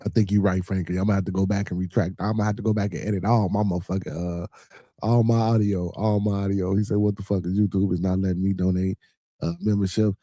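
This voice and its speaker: Deep and mellow, with little pitch movement, this middle-aged Chicago man talks fast while hosting a live podcast. He reads viewer comments in loose chat, laughing, swearing and repeating himself. The sound is clean studio audio without room noise.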